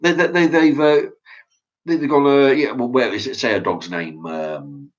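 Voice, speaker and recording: A man's voice: medium pitch, normal speed. A man hosts a casual opinion chat and reads viewer comments, talking bluntly and profanely in a ranting way. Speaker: channel host reading viewer comments. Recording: dull lo-fi sound.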